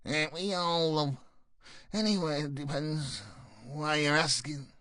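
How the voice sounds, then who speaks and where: A man voicing a scrawny, strung-out young woman with a high, screechy, slurred and mocking voice. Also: fairly even intonation, slow pace, pushed and bright, no echo, studio quality. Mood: sardonic.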